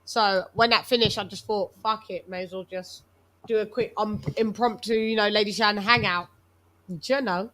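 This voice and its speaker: A woman from England hosting a casual live-stream chat, with a London accent that slips into American and Jamaican twang, chatty and quick to laugh. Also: medium pitch, fairly even intonation, fairly bright tone. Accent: London English mixed with American and Jamaican twang. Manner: chatty, laughs often, code-switching slang. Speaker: host.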